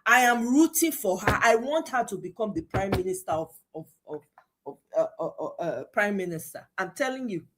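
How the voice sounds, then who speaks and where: A woman's voice: mid-range voice, expressive, moderate pace, fairly bright tone. A Nigerian woman with a Nigerian accent, slipping into Pidgin, hosting a political livestream and mocking with laughing asides and exclamations. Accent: Nigerian, mixing Nigerian Pidgin. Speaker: livestream host.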